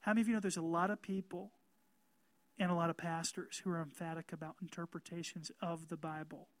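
A man preaching a sermon as pastor, emphatic and calling out amens to the congregation, growing louder and more animated. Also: a little high, quick pace, dry recording.

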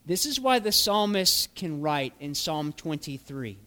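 A man's voice: a little high, big pitch swings, a little slow, few pauses, sharp tone. A man preaching a sermon as a pastor, earnest and full of rhetorical questions.

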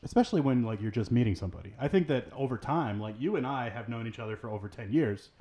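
A relaxed man with a warm, mellow voice explains things in a loose, easy way. He leans on "like" as he talks. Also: medium pitch, fast. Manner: relaxed, explanatory, uses "like" often. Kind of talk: casual discussion.

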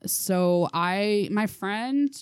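A woman's voice: medium pitch, very slow, clear, resonant tone, no room sound, studio quality. A young woman chatting as a podcast guest, telling stories with lots of laughs and filler words. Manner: animated storyteller, laughs often, many ums. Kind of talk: casual chat.

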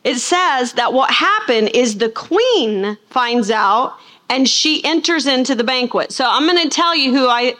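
Woman, high voice, middle-aged, Bible teacher, animated storytelling sermon. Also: measured pace.

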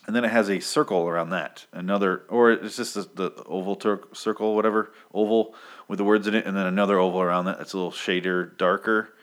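A man casually recapping a comic, rambling and swearing, and breaking into animated quotes of the characters. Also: low-pitched. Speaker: comic book reviewer.

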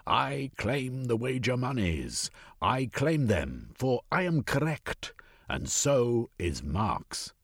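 A man voicing a self-assured gentleman debater who lectures and tags his points with questions. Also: mid-range voice, very animated, slow pace, vocal fry, husky, pitched above the performer's own voice, heavily acted. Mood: lecturing.

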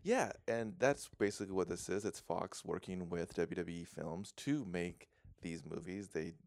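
A man with a fairly low voice riffs loosely through a movie podcast, jokey and rambling and quick to laugh. The sound is dry and close with no room around it. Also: creaky, darkish tone, dry recording. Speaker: podcast co-host. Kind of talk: casual movie podcast banter.

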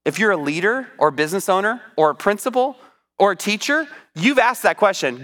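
Animated, high-voiced male preacher. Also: brisk. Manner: animated, conversational Bible teaching. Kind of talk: sermon.

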